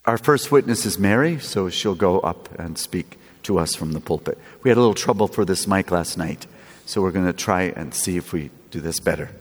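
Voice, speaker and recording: A man preaching a sermon, slow and lively, with playful asides. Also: sits low, breathy edge. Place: church. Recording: echoey church with long reverb.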